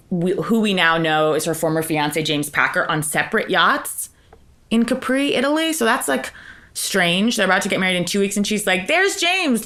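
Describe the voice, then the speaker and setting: A woman co-hosting a podcast, telling gossipy stories in casual chat with lots of "like" and quick asides. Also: fairly low pitch, fairly bright tone. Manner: gossipy, chatty storytelling full of "like" and asides. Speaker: podcast co-host.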